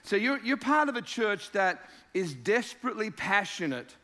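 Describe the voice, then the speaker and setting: Australian guy preaching, bright voice, pitched a bit high, jokey and lively. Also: moderate pace. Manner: jovial, joking, energetic preaching. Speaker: guest preacher. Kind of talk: sermon.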